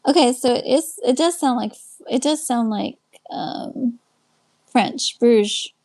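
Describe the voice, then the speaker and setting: Chatty Texan woman, fairly high voice. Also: unhurried, darkish tone. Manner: chatty, greets viewers and answers comments aloud. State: winding down, a little tired. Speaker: live stream host and life coach. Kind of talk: casual live stream chat. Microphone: webcam.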